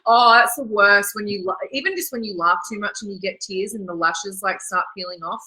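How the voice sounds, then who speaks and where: Bright-voiced woman, gushing. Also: mid-range voice, a little fast, poor audio. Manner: gushing, rambling with many restarts. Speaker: singer being interviewed. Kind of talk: casual interview chat.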